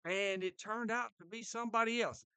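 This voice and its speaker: High-voiced excitable man hosting. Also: smooth, no echo, poor audio. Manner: excitable, interrupts with quick questions. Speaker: wrestling show host. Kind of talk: casual podcast chat.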